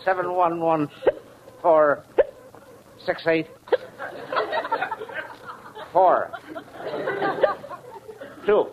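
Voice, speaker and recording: A man's voice: on the high side, extremely slow, pauses often, a faint crowd. An actor playing a pushy, scatterbrained man who hogs a telephone, in a 1940s radio comedy, talking bossily. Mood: blustering. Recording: dull, hissy 1940s radio broadcast.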